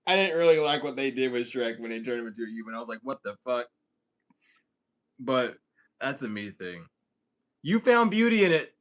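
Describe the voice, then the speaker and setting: A man's voice: medium pitch, big pitch swings, fairly quick. A man answering questions in a casual livestream, joking and rambling with a lot of swearing. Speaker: spiritual content creator answering questions.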